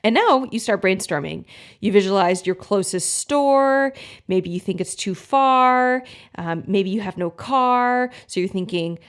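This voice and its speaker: A woman's voice: mid-range voice, measured pace. A woman health coach giving a motivational talk to viewers, encouraging and using everyday examples. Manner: encouraging, uses homely examples and acts out inner thoughts.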